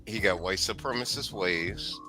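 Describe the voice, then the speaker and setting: A man's voice: low voice, a little slow, loud music behind the voice. A man on a live-stream panel who argues defensively, stammers and swears. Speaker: panel guest.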